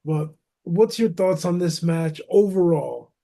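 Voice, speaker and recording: A man co-hosting a casual wrestling podcast, talking in an animated, slangy way and calling his co-host "bro" and "man". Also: a little high, a little slow, gravelly.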